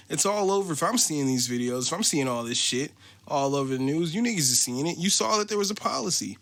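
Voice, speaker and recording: A man's voice: a little high, lively intonation, fast, a bit bright. An American man hosting a podcast, ranting in a casual, profane, mocking way. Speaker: podcast host.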